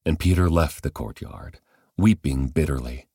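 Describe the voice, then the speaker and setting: Man, very low voice, dry close sound, measured scripture narration. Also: dark tone, slightly rough, dry recording. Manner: measured, deliberate reading. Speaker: Bible reader.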